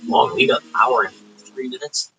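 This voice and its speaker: Here the suburban-Chicago-accented host keeps up his rambling, profane late-night livestream from home. The voice is mid-range, bright and forceful, steady in tone at a moderate pace, with a little hiss or hum on a low-quality recording.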